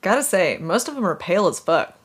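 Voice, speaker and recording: A woman's voice: on the low side, big pitch swings, a little fast, husky. A woman voicing a bold, cocky young man who talks in a brash, crude way.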